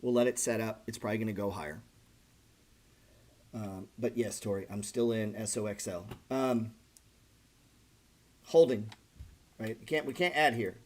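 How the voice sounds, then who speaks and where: Blunt, profane husky-voiced man. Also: lowish voice, moderate pace, long pauses, a little mellow. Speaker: trading channel host. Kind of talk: casual livestream chat about trading.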